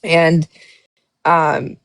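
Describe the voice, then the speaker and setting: A woman's voice: low-pitched, flat delivery, very slow, fairly bright tone, no echo. A woman hosting a casual livestream, reading out text messages and telling her side of a dispute in a blunt, profane way. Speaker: livestream host.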